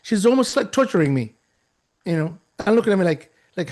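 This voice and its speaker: Male guest speaker, high and gravelly, animated storyteller. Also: normal speed. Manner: animated, acts out the people in the story; restarts and repeats himself for effect. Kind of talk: storytelling talk.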